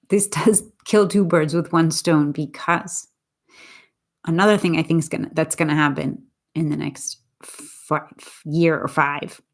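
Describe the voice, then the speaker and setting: A woman from Boston talking in a casual, earnest and rambling way, often restarting her sentences. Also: low-pitched. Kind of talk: casual spoken reflection.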